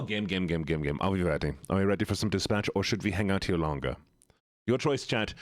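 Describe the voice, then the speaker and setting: Low-voiced playful male streamer. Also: quick pace, no room sound, clean studio sound. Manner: playful, teasing, talks straight to chat. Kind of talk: casual live-stream chat.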